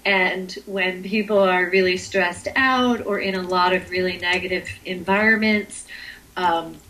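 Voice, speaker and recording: A woman guest on a talk show, speaking in a relaxed, unhurried way with frequent pauses and ums. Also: medium pitch, low-quality recording. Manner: slow, unhurried, many ums. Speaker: guest, Reiki teacher. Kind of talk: casual interview chat.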